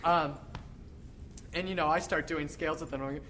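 Male choir director, lively workshop teacher who sings examples; noisy live recording. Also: fairly high pitch, moderate pace. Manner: animated, demonstrates by singing phrases.

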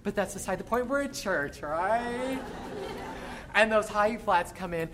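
Animated male choir director teaching. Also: sits high, unhurried, crowd noise, noisy background. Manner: animated, demonstrates by singing phrases. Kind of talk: choral workshop teaching.

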